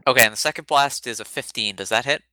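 Blunt sweary guy at the table, harsh bright voice. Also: mid-range voice, quick pace, a little hiss or hum. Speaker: player. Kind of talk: casual tabletop play.

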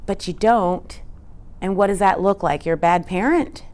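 A woman's voice: medium pitch, moderate pace, a little mellow. A woman presenting a teaching talk in an earnest, conversational way, often asking rhetorical questions. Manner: conversational, frequent rhetorical "right?"; earnest, emphatic.

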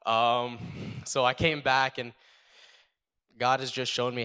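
A young man from the United States sharing a personal faith testimony, earnest and halting with many fillers. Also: medium pitch, little pitch movement, sharp tone, clear, resonant tone. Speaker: testimony speaker.

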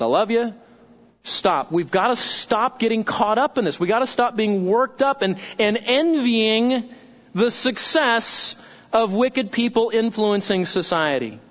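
A man's voice: high-pitched, a bit bright. A man preaches a sermon. He is emphatic and repeats his key phrases as he quotes scripture. The recording sounds dull and lo-fi. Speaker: pastor.

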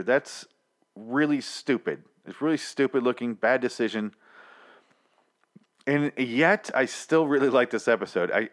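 A man's voice: medium pitch, a bit bright. Exasperated man rambling through a show recap. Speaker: TV episode reviewer. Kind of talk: casual recap and review.

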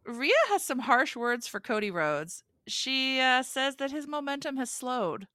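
Bright-voiced woman podcast co-host. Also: high-pitched, expressive, no echo, studio quality. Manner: playful, jokey, quick to laugh. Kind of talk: casual wrestling podcast chat.

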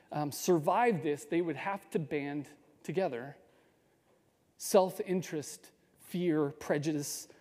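A man telling a true story in a measured way, with small restarts and pauses. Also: fairly high pitch, mellow, big-room sound. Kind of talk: storytelling talk.

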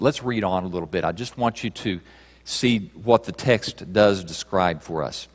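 A man preaching a sermon, reading scripture aloud and moving between raised passages and hushed ones. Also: low voice, normal speed. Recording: reverberant hall.

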